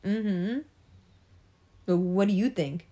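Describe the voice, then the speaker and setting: Woman, young adult, unhurried, giggly, casual vlog monologue, mimics reactions. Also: medium pitch, dark tone. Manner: laughs often, acts out reactions, drawn-out delivery.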